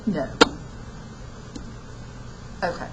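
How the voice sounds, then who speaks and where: A woman's voice: extremely slow, warm tone, highs cut off, slight background noise. A woman lecturing a college class, retelling an old epic in folksy everyday speech and acting out the quotes. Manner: folksy storytelling, acts out quotes in casual speech. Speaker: college literature instructor.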